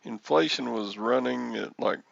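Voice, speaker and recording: A man's voice: mid-range voice, a little slow, creaky, dry recording, muffled recording. A man in his sixties hosting a reseller livestream, rambling and joking as he answers chat comments. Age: 60s.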